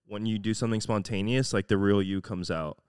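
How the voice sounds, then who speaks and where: A young man from Florida speaks in a lowish, smooth voice on a podcast. He thinks out loud, hesitant and reflective, filling pauses with "like". The recording is dry and close. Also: fairly even intonation, no room sound. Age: young adult. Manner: hesitant, reflective, many "like" fillers. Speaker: podcast co-host. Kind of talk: casual chat.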